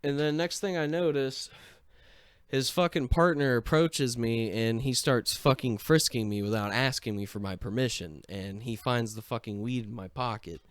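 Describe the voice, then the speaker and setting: A man's voice: medium pitch, moderate pace, clean tone, no room sound. A young man casually telling a personal story, swearing freely and mocking himself as he rambles along. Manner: profane, self-mocking, rambling.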